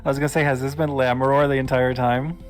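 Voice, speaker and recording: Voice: mid-range voice, level tone, fast. A streamer chatting and joking casually while playing through a story game with a friend. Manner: chatty, jokey, talks over the game. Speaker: let's play streamer. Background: game music.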